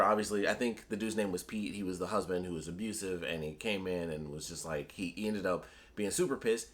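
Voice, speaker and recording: A man chats through a comic book review in a loose, rambling way. His voice sits a little low. He gets animated and slips into the characters' lines as he retells the scenes. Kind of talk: casual solo review chat.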